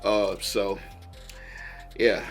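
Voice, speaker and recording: A man's voice: on the low side, flat delivery, extremely slow, soft background music. A man with a Rhode Island accent hosting a reaction video, chatting casually and repeating himself with frequent laughs.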